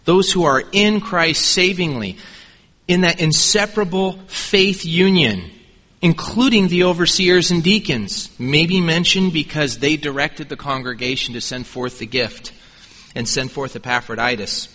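Emphatic preacher in a big hall. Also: male voice, on the high side, unhurried, pushed and bright. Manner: emphatic, repeating words for weight. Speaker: pastor. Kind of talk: sermon. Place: church sanctuary. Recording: long reverb in a large church hall.

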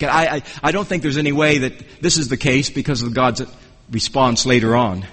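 Higher-voiced preacher in a reverberant hall. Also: male voice, fairly even intonation, a bit bright. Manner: earnest, measured teaching with frequent restarts. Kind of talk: expository sermon.

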